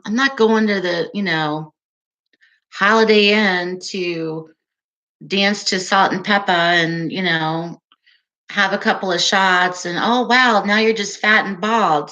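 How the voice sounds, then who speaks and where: A woman hosting a casual livestream, chatting with viewers in a soft, calming voice and an unhurried, giggly way. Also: medium pitch. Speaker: livestream host.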